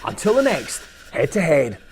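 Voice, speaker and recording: A man's voice: on the high side, huge pitch swings, normal speed, slight background noise. A man hosting a video game TV show in a wry, mock-pompous, jokey style. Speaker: host. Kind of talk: comic scripted TV presenting.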